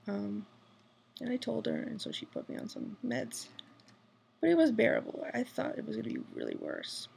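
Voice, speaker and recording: At night in a hospital room, a female vlogger whispers a rambling, hushed personal video diary full of fillers. Her voice is on the high side, gravelly and a little mellow, with a slight hiss or hum in the recording.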